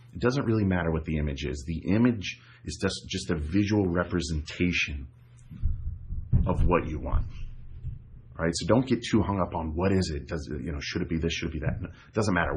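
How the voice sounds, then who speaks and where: A man's voice: low voice, slight background noise. A man coaching viewers through a visualization technique in a casual, repetitive way, often checking in with "right?" and "okay?". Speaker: self-help coach. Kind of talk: guided instruction to camera.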